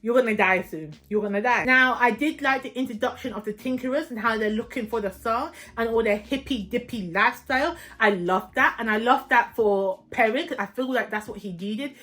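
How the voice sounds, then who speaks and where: Young woman, casual book vlog, animated and opinionated, bright voice, faint music behind. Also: on the high side, a little fast, few pauses. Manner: animated, opinionated, playfully dramatic. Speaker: book vlogger. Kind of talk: casual reading-update vlog.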